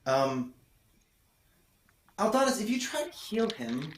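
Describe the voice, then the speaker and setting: A man narrating as game master, describing scenes at length and pausing often to search for words. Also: high voice, sing-song, a little hiss or hum. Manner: descriptive, hesitant, with fillers. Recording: roomy room sound.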